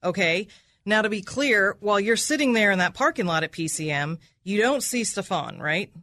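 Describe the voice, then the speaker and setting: A woman's voice: medium pitch, animated, moderate pace, fairly bright tone, no echo, clean studio sound. A woman prosecutor cross-examining a witness in an aggressive, accusatory manner, repeating his answers back and ending with "right?".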